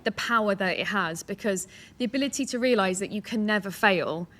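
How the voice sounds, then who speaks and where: A woman on a live post-show panel on a theatre stage, who talks in an animated way and is quick to jump in with explanations. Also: mid-range voice.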